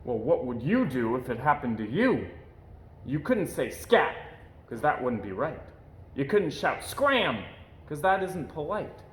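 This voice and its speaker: Expressive man reading a rhyming story. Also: mid-range voice, moderate pace. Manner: expressive, rhythmic rhyming delivery. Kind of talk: reading a picture book aloud. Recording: echoey room.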